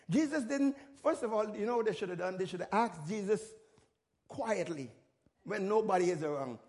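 A man's voice: sits high, darkish tone. A middle-aged male pastor preaching a sermon, repeating phrases and checking in with the congregation. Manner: repeats words in restarts, calls out to the congregation.

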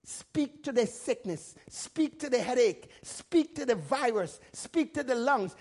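High-voiced man preaching with commanding force. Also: normal speed, few pauses. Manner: emphatic, commanding, rising to loud declarations; repeats phrases for emphasis, calls to the congregation. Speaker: pastor. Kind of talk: sermon.

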